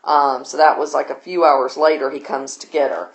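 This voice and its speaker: A woman's voice: sits low, steady tone, moderate pace, reverberant. A woman teacher, casually retelling a novel for her class in a loose, chatty way. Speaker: literature teacher.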